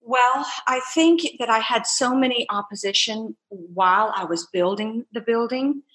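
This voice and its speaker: Animated storytelling woman, lively delivery. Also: fairly high pitch, unhurried. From United States. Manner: animated, laughing, acts out quoted voices. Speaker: entrepreneur guest. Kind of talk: casual storytelling interview.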